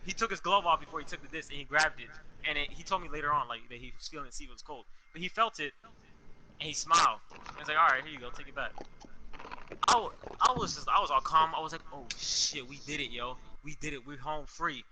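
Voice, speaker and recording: A young man telling a story in a casual, animated way, full of slang and swearing, on a podcast with friends. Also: fairly high pitch, quick pace, a crowd in the background, poor audio. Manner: animated, profane, street slang. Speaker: podcast co-host.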